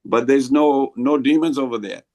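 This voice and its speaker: A man leading a devotional group discussion over a video call, explaining slowly and rambling a little. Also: mid-range voice, a little mellow.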